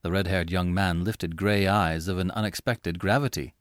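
A man reading a classic story aloud as narrator, with measured, expressive storytelling. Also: deep voice, no echo, studio quality. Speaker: audiobook reader. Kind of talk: scripted narration.

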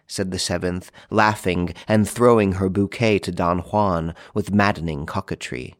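A man reading a classic novel aloud in a measured, formal narration. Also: low voice, steady tone, no room sound, clean studio sound. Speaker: audiobook narrator. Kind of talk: scripted narration.

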